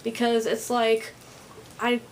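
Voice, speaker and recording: A woman vlogging to camera while overstimulated, talking louder than usual in a rambling way that sounds angry and on edge. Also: fairly high pitch, completely flat delivery, slow, slight background noise, low-quality recording. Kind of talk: casual vlog monologue to camera.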